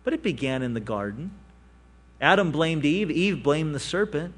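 Animated male pastor preaching. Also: on the high side, moderate pace. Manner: animated storytelling, rising for emphasis and dropping to quiet asides. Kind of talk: sermon.

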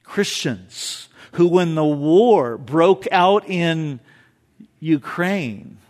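Fervent pastor with a high voice. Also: male voice. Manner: builds from calm to loud, fervent peaks; laughs easily, conversational asides. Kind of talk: sermon.

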